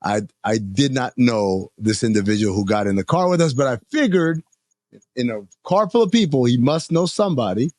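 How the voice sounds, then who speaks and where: A man co-hosting a podcast, telling a story in a casual chat and jumping into high, excited voices when he quotes people. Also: normal speed, dry recording. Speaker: podcast co-host.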